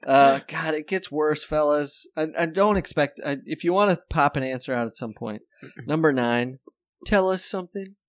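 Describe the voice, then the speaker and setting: A man's voice: fairly high pitch, dry recording. A man hosting a podcast, rambling through casual comedic banter and laughing often. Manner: jokey, rambling, quick to laugh. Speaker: podcast host.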